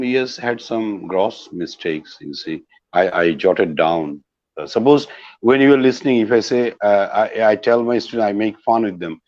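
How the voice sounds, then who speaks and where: A man's voice: lowish voice, no echo. A middle-aged man with a Bangladeshi English accent, teaching about language learning in a repetitive lecturing manner, with many fillers. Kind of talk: explanatory talk on language learning. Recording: dull lo-fi dry sound.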